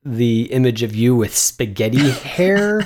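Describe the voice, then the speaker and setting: A man's voice: medium pitch, sing-song, a little slow, a little mellow. A man co-hosting a film podcast, rambling in self-mocking jokes with stumbling restarts. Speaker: podcast co-host. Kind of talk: casual podcast banter.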